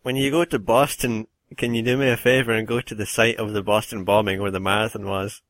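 A man's voice: fairly low pitch, level tone, a little fast, a bit bright, no room sound. A man co-hosting a casual podcast chat, laughing often and making provocative jokes. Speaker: podcast co-host.

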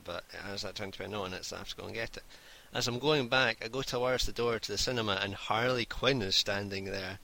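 A man's voice: on the low side, sharp tone. A man casually telling a rambling, laughing anecdote and swearing freely.

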